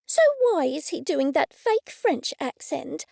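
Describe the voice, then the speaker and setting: A woman voicing a lively, cheerful female friend who runs a boarding house, speaking in a bright, chirpy way. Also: high voice, measured pace, vocal fry, no echo, clean studio sound, pitched above the performer's own voice, exaggerated voice.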